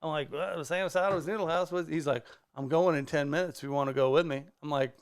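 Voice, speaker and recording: A man, a stand-up comedian, telling a casual story on a podcast, animated and swearing freely as he acts out the people in it. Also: on the high side, fairly quick, clear, resonant tone. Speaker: guest comedian. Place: podcast studio.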